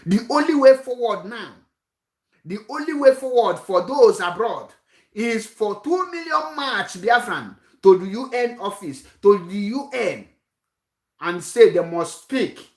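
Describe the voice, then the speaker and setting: A woman's voice: on the high side, animated, a little slow, roomy sound. A woman giving a rousing political speech, full of rhetorical questions and repetition. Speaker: activist speaker.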